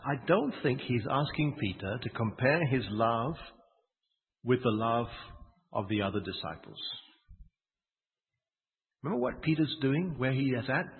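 Brief: male preacher, animated storyteller, raised pitch, phone-thin sound with a long hall echo. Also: narrow, tinny audio. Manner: storytelling, with asides and rhetorical questions. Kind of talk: sermon.

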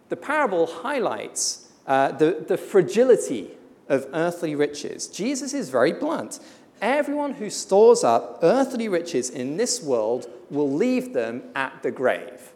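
A preacher delivering a sermon in an emphatic, blunt way, slowing down for weighty pauses. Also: mid-range voice, sing-song, a little mellow. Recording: long hall reverb.

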